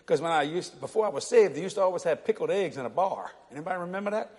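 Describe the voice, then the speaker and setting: A man's voice: high-pitched, lively intonation, very fast, darkish tone. A middle-aged man, preaching to a congregation in a church hall and telling funny stories, laughing often and acting out the people in them. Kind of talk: humorous storytelling sermon.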